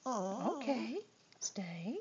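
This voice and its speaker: A woman coaxing her pet dog in sing-song baby talk, swinging from loud to hushed, on a dull lo-fi home video. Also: a little high, animated, very slow, husky. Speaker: dog owner.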